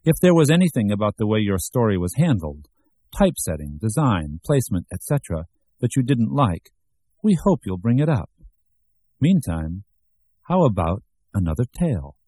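A man reading as a courteous male editor in a storybook, each phrase slow and measured. The voice is low and mellow, with a husky edge and a dry close sound. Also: very animated, no echo. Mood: formal. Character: polite male magazine editor, formal letter.

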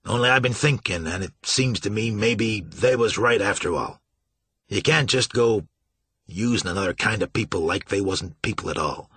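A man putting on a stubborn riverboat captain with a husky, low voice, pushing hard on his rough folksy words. He sounds loud and forceful in a storybook reading, and the recording is dry and close. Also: normal speed, dry recording. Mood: earnest. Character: gruff stubborn male riverboat captain, middle-aged.

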